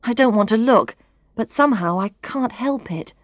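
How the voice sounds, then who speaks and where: Woman narrator, storybook reading, lively pitch, dry close sound. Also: moderate pace, no echo. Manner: expressive, clear, first-person reading. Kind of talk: scripted narration of a learners' story.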